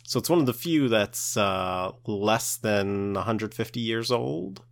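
Lower-voiced easygoing male podcast host. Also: lively intonation, a little slow, gravelly. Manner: easygoing, explanatory. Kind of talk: casual chat, storytelling.

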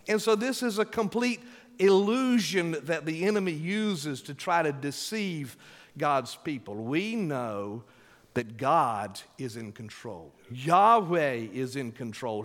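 A male pastor preaching a sermon with emphatic, drawn-out delivery, calling for responses from the congregation. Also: a little high, animated, a bit bright. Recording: long hall reverb.

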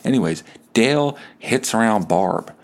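A man's voice: on the low side, animated, a little slow. A male podcast host improvising a story, rambling and laughing at himself. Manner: rambling, laughs at his own tale.

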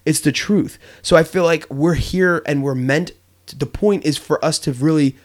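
A man's voice: on the high side, normal speed. Earnest young man talking on a podcast. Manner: earnest, reflective, many fillers and restarts. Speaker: podcast co-host. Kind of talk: casual podcast conversation.

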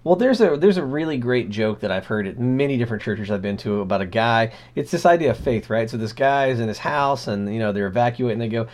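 A male podcast co-host with a voice of ordinary middle pitch. He tells stories with animated, irreverent energy and a sardonic edge, in casual back-and-forth chat. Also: fast, few pauses.

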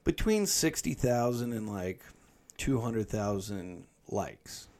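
Low-voiced young man telling stories. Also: very animated, slow pace, darkish tone. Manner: storytelling, dry, profane. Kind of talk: casual chat.

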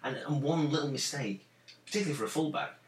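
A man's voice: on the high side, quick pace, recorded from a distance. A man co-hosting a casual podcast, earnest and rambling. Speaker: podcast co-host. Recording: roomy, away from the mic.

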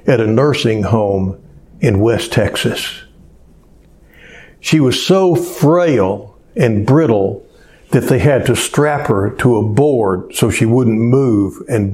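A man preaching a sermon as pastor, telling a story in a slow, unhurried way. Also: mid-range voice, dark tone.

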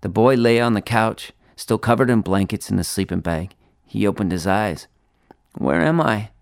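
Low gravelly man reading a story. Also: fairly even intonation, moderate pace, no echo, clean studio sound. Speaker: author reading his story. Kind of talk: spoken-word story narration.

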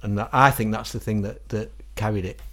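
A middle-aged man with a Northern English accent and a fairly low voice. He tells stories at an easy, animated pace, often slipping into other people's voices to quote them. It is a casual interview. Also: fairly quick. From England. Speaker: guest musician.

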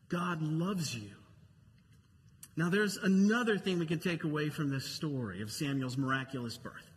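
A man's voice: fairly high pitch, animated, moderate pace, long reverb tail. A male pastor preaching a sermon in a church auditorium, talking conversationally and repeating key phrases for emphasis.

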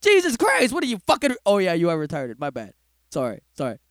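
A man spins an improvised comedy story, swearing and breaking into laughter as he goes. His voice sits high and swoops all over. The recording is dry and close. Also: quick pace, no room sound. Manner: animated, laughing often, profane.

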